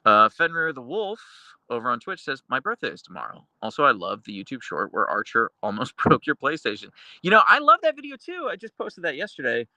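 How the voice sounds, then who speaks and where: A man's voice: medium pitch, huge pitch swings, fairly quick, few pauses, pushed and bright, dry recording. Chatty man hosting a live stream. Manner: chatty, rambling, lots of fillers; baby-talks his dogs at times. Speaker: livestream host reading chat. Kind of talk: casual live chat.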